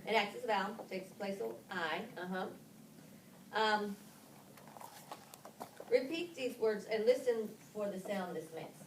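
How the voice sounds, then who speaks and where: A woman leading a phonics workshop for teachers, spelling letters out slowly with frequent ums and restarts. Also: medium pitch. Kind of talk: classroom-style instruction to fellow teachers. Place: classroom. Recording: roomy, distant and noisy classroom recording.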